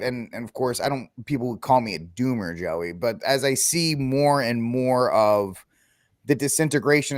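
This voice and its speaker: Host: man, mid-pitched voice, dry close-miked sound, rambling questions with fillers. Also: no room sound. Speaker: podcast host. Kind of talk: interview intro and questions.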